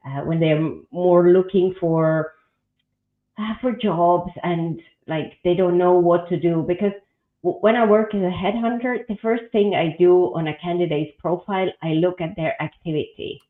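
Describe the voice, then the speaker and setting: Female host, halting speech, tinny echoey call line. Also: fairly low pitch. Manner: halting, with many fillers and restarts. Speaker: host, headhunter. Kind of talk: casual video-call chat. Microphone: video call.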